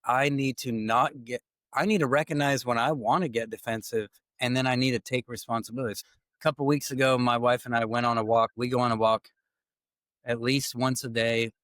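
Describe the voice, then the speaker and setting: A man's voice: mid-range voice, a little fast, no room sound. A man hosting a podcast, telling stories in a casual way and acting out the lines he quotes. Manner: animated storytelling, acting out quoted dialogue. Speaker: podcast host. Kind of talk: casual conversational podcast talk.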